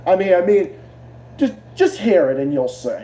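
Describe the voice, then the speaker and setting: A man's voice: sits high, very animated, moderate pace, mellow. A man hosting a casual livestream, talking in a rambling, profane way with lots of repeated words. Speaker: streamer. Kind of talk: casual livestream reaction rant.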